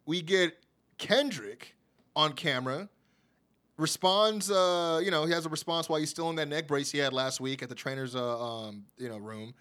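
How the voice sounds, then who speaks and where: A podcast host, a man with a voice on the higher side, recaps the week's wrestling in a loose, chatty way. He stacks up fillers and often breaks into laughter at his own jokes. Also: moderate pace, bright, forceful tone. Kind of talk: casual wrestling show recap.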